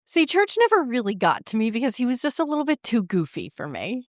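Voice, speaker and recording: Podcast co-host, woman, higher voice, lively, jokey reactions, dry sound. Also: no echo. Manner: quick joking reactions, swears. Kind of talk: casual book chat.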